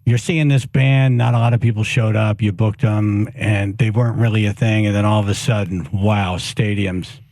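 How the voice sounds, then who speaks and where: A man's voice: lowish voice, fairly even intonation, a little mellow, dry recording. A man hosting a morning radio show, joking and tossing questions to a guest. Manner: joking, quick interjections. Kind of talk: casual radio chat.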